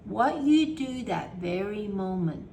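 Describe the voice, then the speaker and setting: A woman's voice: medium pitch, lively intonation, slow, gravelly, dark tone, slight background noise. A woman talking casually to camera as a wellness coach, emphatic and repetitive, acting out her own anxious thoughts.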